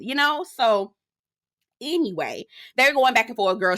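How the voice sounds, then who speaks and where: A woman giving a sassy, slangy gossip recap of a reality show episode, animated and quick to laugh. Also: mid-range voice. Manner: sassy, slangy, keeps calling listeners girl and child; animated storyteller who laughs often. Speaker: reality TV reviewer. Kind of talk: casual gossipy recap commentary.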